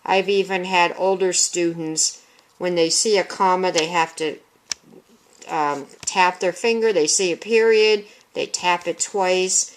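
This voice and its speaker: A woman speaks in a lower register at an unhurried, measured pace as she explains reading instruction methods. She breaks off to read children's book lines aloud as examples, teacher to student. It is recorded on a small handheld video camera. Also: fairly even intonation, a little hiss or hum. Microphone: handheld consumer video camera.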